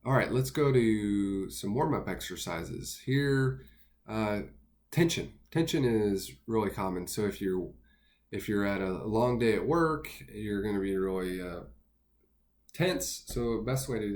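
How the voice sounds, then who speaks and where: A man with a fairly low voice teaches singing basics. He explains each idea step by step in a relaxed, easygoing way, with the odd filler between points. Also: unhurried. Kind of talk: instructional talk with sung demos.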